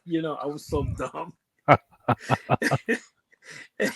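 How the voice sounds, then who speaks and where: Puerto Rican man telling halting stories. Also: fairly high pitch, expressive, gravelly, fairly bright tone, breathy edge. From Puerto Rico. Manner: halting, lots of fillers and restarts, broken grammar. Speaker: guest, former pro wrestler. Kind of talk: casual storytelling interview.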